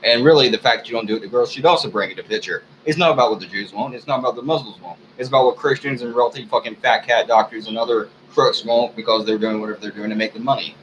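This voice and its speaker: An American man in an angry, unscripted rant, talking heatedly and profanely and often clearing his throat. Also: mid-range voice, quick pace, few pauses, fairly bright tone, highs cut off, slight background noise. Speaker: video blogger.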